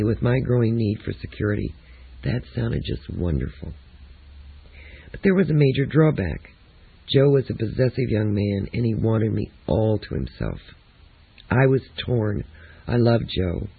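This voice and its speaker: Gravelly, husky male memoir narrator. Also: lowish voice, no echo. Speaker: audiobook narrator. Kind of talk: first-person memoir narration. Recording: tinny, lo-fi phone-like audio.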